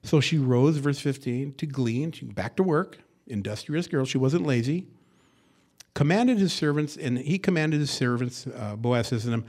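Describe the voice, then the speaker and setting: A man in the pulpit working through scripture verse by verse, his voice sitting at an ordinary middle pitch. He drops to quiet, confiding asides, then surges loud when he reads the text. Folksy jokes and acted-out quotes keep it conversational. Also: animated, normal speed. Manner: swings between hushed asides and loud emphatic verse reading. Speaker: pastor. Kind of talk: expository sermon.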